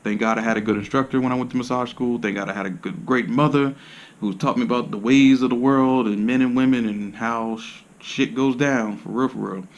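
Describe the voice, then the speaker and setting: A man's voice: medium pitch, steady tone, a little fast, highs cut off. Man massage therapist, blunt and profane, streetwise slang, rambling talk to camera. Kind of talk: casual monologue to camera.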